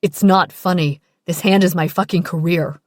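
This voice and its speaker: A woman voicing a young male surgeon boyfriend with a quick temper, curt in anger and pleading in apology. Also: on the low side, steady tone, darkish tone, no room sound, studio quality, lightly acted. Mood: angry.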